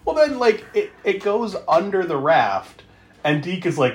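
A man co-hosts a casual podcast, walking through a film's plot. His voice sits a bit high for a man and swings up and down a great deal. He laughs often, swears freely and acts out the characters' lines. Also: big pitch swings, measured pace. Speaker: podcast co-host. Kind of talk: casual movie recap chat.

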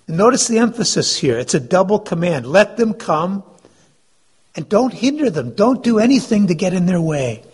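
Husky-voiced male pastor telling a story. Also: high voice, big pitch swings, normal speed, a little mellow. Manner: storytelling, asks the congregation questions. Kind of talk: sermon.

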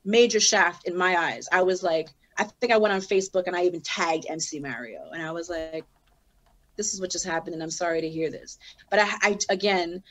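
Animated woman telling a story. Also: lowish voice. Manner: animated, acts out both sides of conversations. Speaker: guest; rapper. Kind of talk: casual storytelling.

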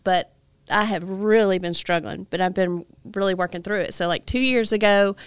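Smooth-voiced woman speaking candidly. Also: medium pitch, dry recording. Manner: candid, reflective, soft-spoken. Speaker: co-host, pastor's wife. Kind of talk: casual podcast chat.

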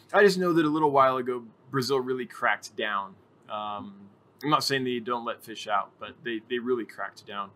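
A man hosts a casual livestream and answers viewer questions from chat. His voice is bright and forward, at a middle pitch for a man, and he rambles along, correcting himself with frequent ums. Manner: chatty, rambling, many ums and self-corrections.

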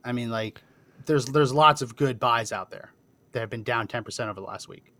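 A man's voice: medium pitch, a little fast, fairly bright tone, no echo. A man co-hosting a talk show, chatting in an easygoing way. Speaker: co-host. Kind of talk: casual talk show chat.

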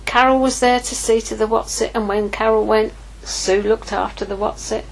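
A ministry leader in middle age preaches an informal sermon at a moderate pace. Her voice is on the high side, steady and gravelly, and the audio is poor; she tells a personal story candidly and acts out her own inner dialogue.

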